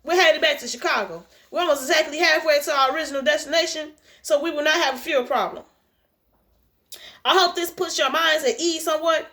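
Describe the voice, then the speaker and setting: A steady, businesslike male airline captain, read aloud by a woman. He keeps things calm and measured for his passengers. The voice sits high and bright.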